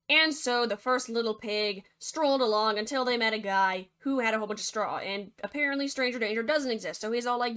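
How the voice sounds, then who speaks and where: Bright, sarcastic young woman narrator. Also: a little high, a little fast, hardly any pauses, clean tone. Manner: sarcastic, casual, full of asides. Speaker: video creator and narrator. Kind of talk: comedic storytelling narration.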